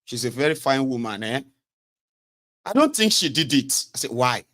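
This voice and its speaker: A Nigerian man giving casual, sarcastic political commentary in a rambling, animated way. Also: mid-range voice, moderate pace.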